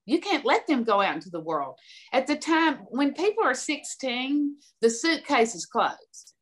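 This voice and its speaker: A woman's voice: sits high, sing-song, unhurried, a bit bright. An older woman from the American South, a podcast guest giving direct, emphatic advice and telling stories. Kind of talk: conversational advice.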